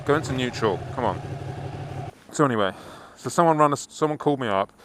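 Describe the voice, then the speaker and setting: A man's voice: mid-range voice, expressive, fairly quick, fairly bright tone, a little hiss or hum. Swearing man telling a story in a car. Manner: swears freely, rambling anecdote. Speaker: vlogger. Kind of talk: casual storytelling.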